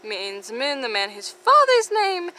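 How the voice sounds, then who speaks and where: A woman voicing a smug teenage schoolboy prankster who lists things rapidly and sarcastically. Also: high-pitched, huge pitch swings, sharp tone, a little hiss or hum, pitched above the performer's own voice, heavily acted. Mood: sarcastic. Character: smug teenage boy prankster, mock-oblivious.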